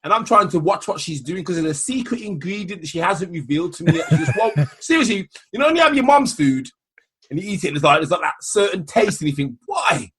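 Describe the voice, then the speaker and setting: A man on a podcast, trading animated, laughing banter with the host. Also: high voice, quick pace, crowd noise. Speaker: podcast regular. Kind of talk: casual chat.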